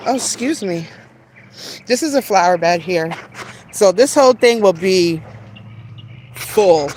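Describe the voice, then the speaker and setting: A woman's voice: medium pitch, animated, slow, long pauses, a little mellow, slight background noise. A woman hosting her first live stream, walking through her backyard garden, greeting viewers by name in a chatty, self-deprecating way. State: out of breath while walking. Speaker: garden channel host.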